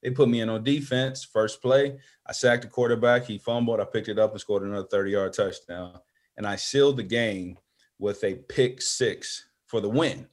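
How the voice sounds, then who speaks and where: A man with a low voice tells a story in an interview. He is animated and acts out the voices of his friends as he goes. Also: moderate pace. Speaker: guest.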